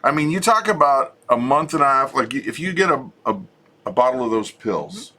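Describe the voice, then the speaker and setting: A middle-aged man with a bright, forward voice, co-hosting a home chat show. He talks in a loose, joking way and often restarts his sentences. His pitch sits in the ordinary male middle. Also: a little fast. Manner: chatty, relaxed, joking, frequent restarts. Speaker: co-host of a homesteading channel. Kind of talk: casual chat with viewers.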